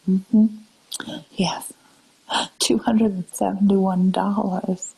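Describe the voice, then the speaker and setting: An older woman chatting on a live stream, answering viewers in a soft, musing, often half-whispered way. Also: mid-range voice, gravelly, husky, low-quality recording.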